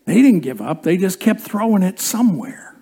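This is a preacher delivering a sermon in a church, spinning a humorous story with lively, chuckling energy. The voice sits at an ordinary middle pitch. It turns low and quiet whenever the message gets serious. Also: normal speed, gravelly, slightly rough. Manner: animated storyteller, chuckling through the tale.

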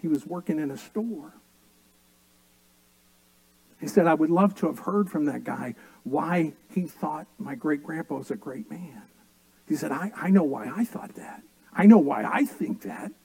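A middle-aged male pastor preaching from the pulpit, slipping into homely stories with a dry wit. His voice sits a bit high for a man yet sounds dark and mellow. The sound is close and dry, with no room echo. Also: expressive, unhurried, vocal fry. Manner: storytelling with dry humor. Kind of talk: sermon.

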